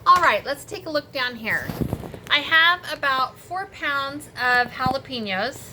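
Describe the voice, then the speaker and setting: A middle-aged homesteading vlogger chats casually with viewers in a homey video from her kitchen and garden. Her voice is high-pitched and animated at a measured pace, with background noise behind it.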